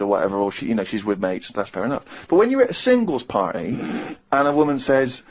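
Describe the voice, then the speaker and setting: With a lowish voice and a slightly fast pace, a radio co-host in his thirties relates an amusing anecdote, playing out others' lines and laughing mid-sentence. It's casual on-air storytelling captured in slightly muffled radio sound.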